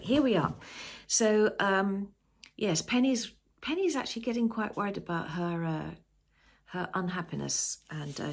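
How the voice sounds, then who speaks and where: A woman reading her own novel aloud, chatting and joking between chapters. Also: lowish voice. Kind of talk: storybook reading and casual chat.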